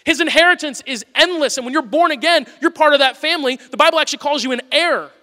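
A man preaching a sermon in a church, earnest, moving between loud urging and quiet pleading. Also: very high voice, quick pace, in a large hall. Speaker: pastor. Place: church auditorium.

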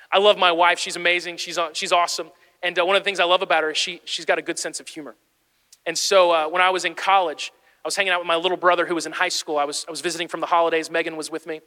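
A man in his thirties, a pastor preaching a sermon, telling a personal story and building to urgent encouragement. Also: fairly high pitch. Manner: storytelling, animated, rising to urgent exhortation. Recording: long hall reverb.

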